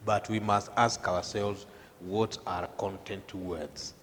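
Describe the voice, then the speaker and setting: A man teaching a televised classroom lesson, speaking slowly and deliberately and stressing his key words. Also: sits low, level tone, a little hiss or hum. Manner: slow, deliberate, emphatic delivery. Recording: long hall reverb.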